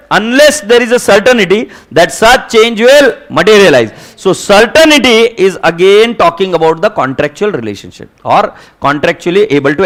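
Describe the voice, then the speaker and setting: A middle-aged man with an Indian English accent, lecturing a class on accounting and often asking if students follow. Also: a little high. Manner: animated, keeps checking students follow, mixes in Hindi. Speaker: accounting teacher.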